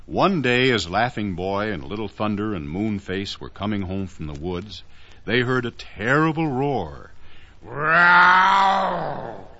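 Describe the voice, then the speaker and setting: Male narrator for a children's story, lively melodic reading, gentle asides, dull lo-fi old recording. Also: on the low side, measured pace.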